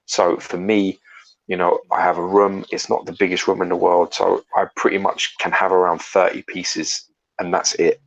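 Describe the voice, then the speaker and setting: A man with a very low, gravelly voice talks in a loose, casual livestream chat. His tone is husky and rough at the edges. He is blunt and opinionated and swears without a second thought. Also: level tone, normal speed, highs cut off. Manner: frank, opinionated, swears freely. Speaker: co-host.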